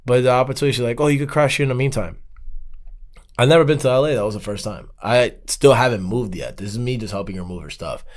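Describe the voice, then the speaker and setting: A man from Miami, a podcast guest, tells a long story in casual conversation, animatedly acting out the quoted dialogue. His voice is medium-pitched and quick.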